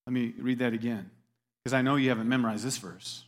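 A man's voice: mid-range voice, big pitch swings, fast talker. A man preaching a sermon in a conversational, emphatic way, turning to the audience with questions. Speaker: pastor.

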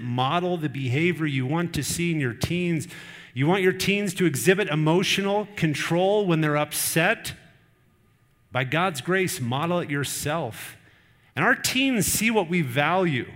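A man's voice: on the high side, a bit bright. A middle-aged man preaching a sermon, earnest and conversational, with personal stories. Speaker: pastor.

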